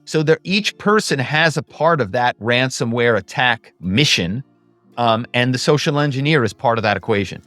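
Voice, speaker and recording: A man tells stories as a podcast guest in an animated, chatty way, often saying "you know". His voice sits at a middle pitch. The recording is dry and close to the mic. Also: normal speed, no room sound, soft background music. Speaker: podcast guest, former actor. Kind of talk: casual interview talk.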